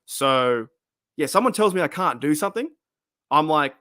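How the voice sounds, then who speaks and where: A man in his thirties chats loosely on a livestream, looping back over his words and swearing casually. His voice sits a little high and is wearing thin. The sound is dry and close, with no room echo. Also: expressive, a little fast, fairly bright tone. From Australia. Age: 30s. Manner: rambling, repeats himself, swears casually. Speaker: livestream host. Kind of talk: casual livestream chat reading comments.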